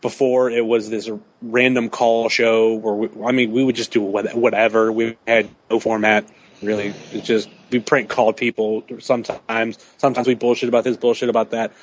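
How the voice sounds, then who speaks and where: Male podcast host, relaxed, rambling casual talk, mid pitch. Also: moderate pace, slight background noise, rough recording. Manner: rambling, filler-heavy, laid-back. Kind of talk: casual chat.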